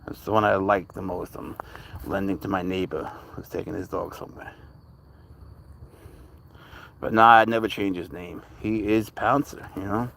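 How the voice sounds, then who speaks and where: This cat channel livestreamer has a low, gravelly voice, speaks at a moderate pace and pauses often. Walking his leashed cat outside, he chats casually and rambles, relaxed, to both the cat and his chat. A little hiss or hum is audible.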